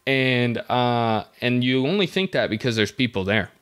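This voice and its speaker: A man's voice: medium pitch, expressive, moderate pace, a bit bright, smooth. A young man hosting a podcast, telling a story in a rambling, wry, self-interrupting way. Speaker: podcast host. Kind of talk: casual comedic storytelling.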